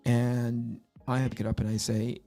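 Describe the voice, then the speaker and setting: Gravelly middle-aged man telling stories. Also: mid-range voice, flat delivery, unhurried, mellow, soft background music. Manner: rambling, self-deprecating storyteller. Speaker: livestream host. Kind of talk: casual livestream chat while drawing.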